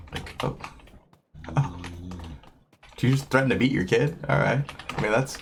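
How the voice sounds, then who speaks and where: A man's voice: medium pitch, normal speed, gravelly, slight background noise. A man streaming a game, rambling in a casual, self-deprecating way with lots of fillers. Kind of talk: casual gameplay commentary.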